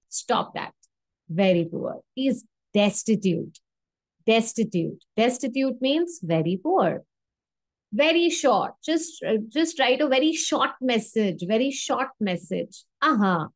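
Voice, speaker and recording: A woman teaching English vocabulary to camera, animated, repeating each example phrase with emphasis and checking in with "okay?" often. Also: a little high, slow, no echo. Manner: frequent checking "okay?" and "yeah?". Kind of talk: video lesson to camera.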